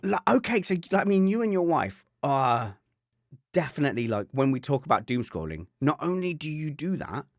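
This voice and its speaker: A man's voice: fairly high pitch, sing-song, moderate pace, no room sound, clean studio sound. A man co-hosting a podcast, telling a rambling, wry anecdote in casual chat and often breaking off to restart his sentences. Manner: rambling, self-interrupting, wry. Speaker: podcast co-host.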